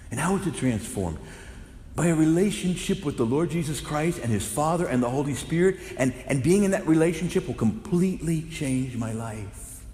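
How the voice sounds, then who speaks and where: A man's voice: mid-range voice, a little hiss or hum. A man, a Catholic priest, preaching a sermon with fervent, impassioned delivery. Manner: impassioned preaching, rising to loud fervent exclamations. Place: large echoing church. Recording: roomy hall reverb.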